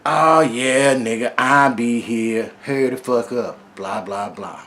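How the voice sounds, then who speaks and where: A man's voice: mid-range voice, slow pace, a bit bright. A man quoting a taunting street thug. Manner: aggressive, cursing, taunting. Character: hostile young male street thug, taunting.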